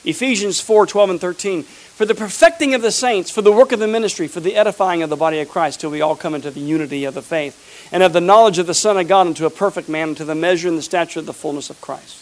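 A middle-aged man preaching a lively sermon as pastor of his church, acting out the people in his stories. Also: sits high, fast, rough recording. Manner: animated preaching, acts out quoted people. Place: church sanctuary.

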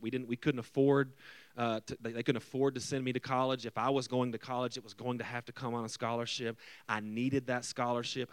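A male pastor telling a personal story in his sermon, animated and conversational, acting out quotes. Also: medium pitch, no room sound.

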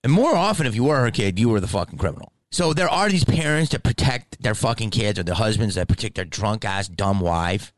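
A comedy podcast host tells a story as a heated, profane rant that lurches from mumbled asides to outright shouting. His pitch is fairly low, his intonation lively, and he talks briskly with hardly any pauses. No room sound is audible.

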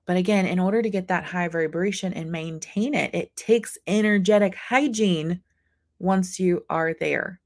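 A woman's voice: on the low side, normal speed, darkish tone. A woman in her thirties hosting a motivational live stream, talking earnestly and acting out her own inner voices. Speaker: host. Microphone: camera mic.

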